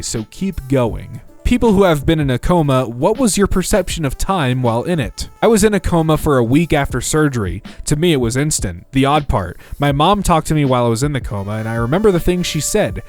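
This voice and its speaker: A man reads internet posts aloud with a comic, storytelling flair. His voice sits a little high and swings widely in pitch. Faint music plays underneath. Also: sing-song, brisk, few pauses. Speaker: narrator.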